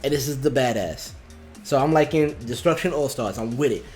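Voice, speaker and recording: A man co-hosting a casual gaming podcast over a video call, excitable and slangy, swearing freely. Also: mid-range voice, brisk, soft background music. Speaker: podcast co-host.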